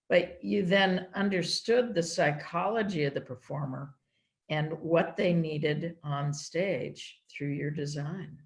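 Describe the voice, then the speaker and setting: A woman hosting a conversation, asking measured questions. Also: on the low side, gravelly, a little mellow, poor audio. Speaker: host. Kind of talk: interview questions.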